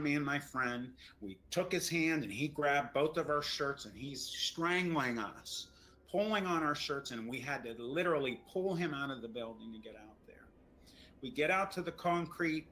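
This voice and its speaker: A man's voice: mid-range voice, sharp tone, poor audio. Shaken man stammering through a story. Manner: shaken, stammering, repeats words. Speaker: storyteller recounting an encounter. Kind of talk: emotional first-person storytelling.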